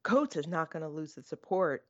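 A woman co-hosting a podcast in casual chat, animated and self-deprecating. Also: low voice, moderate pace, dull audio. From United States. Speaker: podcast co-host.

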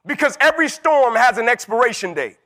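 A man's voice: very high-pitched, lively intonation, a little fast, bright, forceful tone. A man giving a motivational keynote speech, with an emphatic, repetitive, preacher-like delivery. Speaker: motivational speaker.

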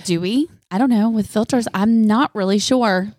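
A woman in her thirties co-hosting a podcast, chatty, animated and jokey, sipping wine as she talks. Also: medium pitch, moderate pace, no room sound, studio quality. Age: 30s. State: drinking wine. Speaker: podcast co-host. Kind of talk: casual chat.

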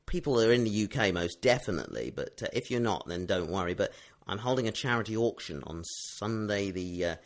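A man's voice: fairly low pitch, expressive, a little fast, few pauses. A man from the United Kingdom, a guest on a podcast, chatting casually with a lot of fillers and restarts. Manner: rambling, with many fillers and restarts. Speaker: interview guest. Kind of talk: casual chat.

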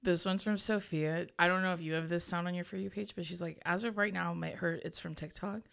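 A woman's voice: fairly low pitch, fairly even intonation, fairly quick, gravelly, fairly bright tone. A woman co-hosting a casual podcast chat, reading out listener picks and laughing often. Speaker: podcast co-host.

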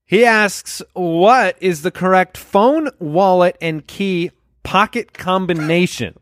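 Man, podcast co-host, casual chat, upbeat, high voice. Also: takes it slowly, no echo, clean studio sound. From United States.

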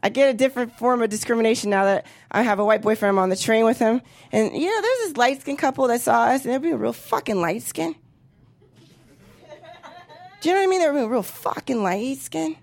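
Woman in her thirties, high voice, brash and profane, stand-up comedy set, club stage. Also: expressive, fairly quick, gravelly. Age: 30s.

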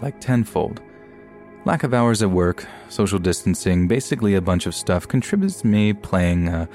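A man reading scary stories aloud as a scripted narration, in a steady storytelling delivery. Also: sits low. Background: faint background music.

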